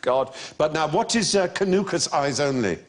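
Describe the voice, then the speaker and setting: A man's voice: a little high, lively intonation, moderate pace. An older man hosting a quiz show, explaining facts in an erudite way and laughing often.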